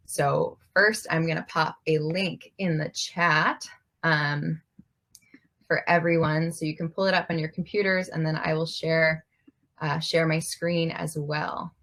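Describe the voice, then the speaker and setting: A young woman activist introducing a document at an online event, gracious and measured. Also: low voice, fairly bright tone. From United States. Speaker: youth climate activist, presenter.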